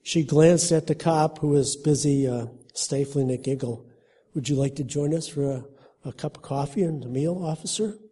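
A man delivers a sermon in an earnest, conversational manner, reading a story aloud and giving its characters light voices. His tone is husky and very dark, mellow rather than bright. His pitch sits a little high for a man. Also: normal speed. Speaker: preacher.

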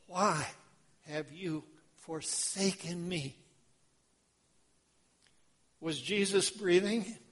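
A man preaching a sermon as pastor, in a slow, dramatic delivery that swings between hushed lines and loud ones. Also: high-pitched.

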